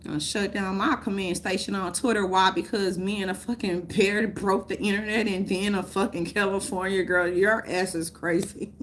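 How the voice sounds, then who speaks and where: A woman, ranting loudly and profanely to her viewers, laughing often. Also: mid-range voice, steady tone, moderate pace, hardly any pauses, slight background noise. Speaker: vlogger. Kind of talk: unscripted rant to camera.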